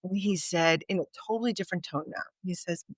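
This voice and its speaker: A woman's voice: fairly low pitch, fast talker, no echo. Woman telling a story, dry close sound. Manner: vivid anecdote teller, acts out quoted dialogue. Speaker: podcast guest, author. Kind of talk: storytelling in conversation.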